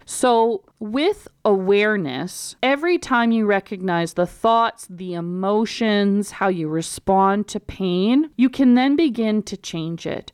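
Smooth-voiced woman gently coaching. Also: medium pitch, animated, slow pace, few pauses, no room sound, clean studio sound. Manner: gentle, reassuring, conversational with quoted self-talk. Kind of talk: instructional talk to camera.

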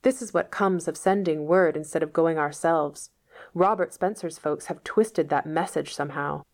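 A woman plays a stern, sharp-tongued middle-aged woman who answers curtly and scolds. The voice sits fairly low with a gravelly, creaky edge. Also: normal speed. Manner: curt, reproachful.

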